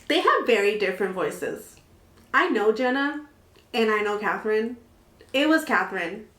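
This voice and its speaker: A young woman tells a wild personal story straight to camera, animated and dramatic, swearing freely. Her voice sits in the middle of a woman's range. The room around her is echoey. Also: mid-range voice, normal speed. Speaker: vlogger. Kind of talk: storytime vlog.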